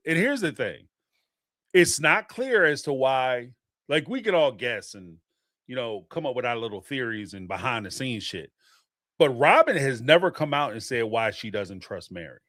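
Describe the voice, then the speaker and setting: A man hosting a reality-TV podcast, talking in an animated, profane way and laughing often. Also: mid-range voice, unhurried, no room sound, clean studio sound. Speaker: podcast host. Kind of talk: casual reaction commentary.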